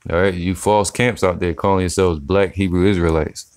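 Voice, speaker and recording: A man giving casual, slangy religious commentary, reading scripture slowly and tagging his sentences with "man". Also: low voice, fairly even intonation, darkish tone, clear, resonant tone, no room sound, studio quality. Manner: slangy, profane, preachy, says "man" often; slow deliberate scripture reading.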